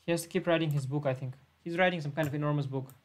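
A man's voice: fairly high pitch, steady tone, very fast. A laid-back man thinking aloud as he plays an online chess simul on a live stream. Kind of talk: live-stream commentary while playing.

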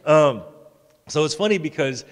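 A man's voice: a little high, lively intonation, moderate pace. A man in his thirties, a pastor giving a sermon in a casual, joking way with stammered restarts. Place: church sanctuary. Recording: long church hall reverb.

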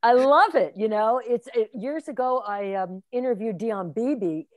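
A woman's voice: fairly high pitch, unhurried, no echo, clean studio sound. A woman film instructor speaking in casual conversation, reflective and encouraging.

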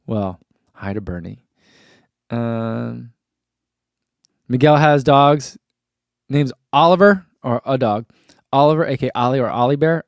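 A man's voice: mid-range voice, unhurried, vocal fry, pauses often, dry recording, studio quality. A man in his thirties hosting a live stream, reading out viewer comments and chatting casually with lots of fillers and restarts. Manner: chatty, rambling, with fillers and laughs.

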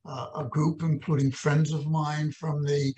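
A man's voice: on the high side, level tone, measured pace, darkish tone. A man interviewing his guest, agreeing earnestly and adding his own view. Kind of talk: interview conversation.

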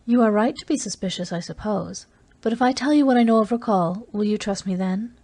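A woman reading an audiobook voices a fierce, volatile woman captor who mocks and turns shrill when she screams. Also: brisk, warm tone, close to an everyday voice. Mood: teasing.

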